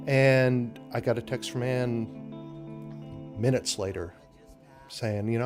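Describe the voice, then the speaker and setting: A man talks candidly in a radio interview, with a middle pitch and chuckling asides. Soft music plays in the background. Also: steady tone, slow, pauses often. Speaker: voice coach.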